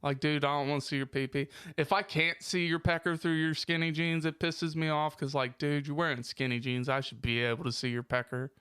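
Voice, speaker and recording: A man's voice: a little high, fairly even intonation, a little fast, hardly any pauses, a bit bright, clear, resonant tone, no room sound. A man co-hosting a casual podcast on a studio microphone, ranting about pet peeves with exaggerated complaints and constant swearing. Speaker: podcast co-host. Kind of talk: casual profane podcast banter.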